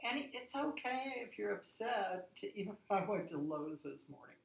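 A woman in her sixties, a lively storyteller who laughs often, chatting as a guest. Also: medium pitch, moderate pace, creaky, reverberant, low-quality recording. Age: 60s. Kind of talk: casual conversation.

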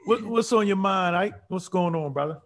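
A man's voice: high voice, moderate pace. A man co-hosting a casual podcast chat, playful and teasing.

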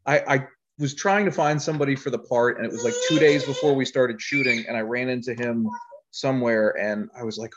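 Speaking briskly at a medium pitch, this man discusses his filmmaking as a guest in a relaxed interview. He tells stories in a rambling way with frequent laughter, captured on dull, lo-fi audio.

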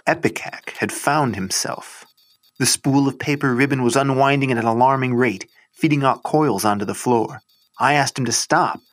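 A man's voice: medium pitch, a bit bright. A man reading a short story aloud in the first person, with a wry, understated delivery.

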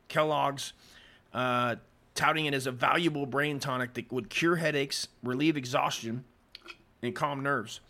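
A man hosting a casual history podcast, with a voice of middling pitch. He reads from his notes, trips over longer words, and keeps drifting into crude, rambling side remarks. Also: a bit bright. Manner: profane, rambling, stumbles over written words. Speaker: podcast host. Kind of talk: casual history commentary, reading aloud with asides.

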